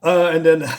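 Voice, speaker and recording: A man's voice: on the high side, darkish tone. Rambling, hesitant man reviewing comics. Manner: rambling, hesitant, recaps the plot loosely. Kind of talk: casual video review.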